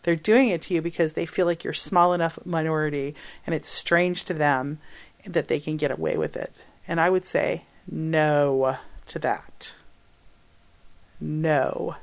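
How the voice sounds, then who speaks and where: A woman hosting an advice podcast, answering a listener's question in an animated, emphatic way, laughing and correcting herself as she goes. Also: low-pitched, normal speed.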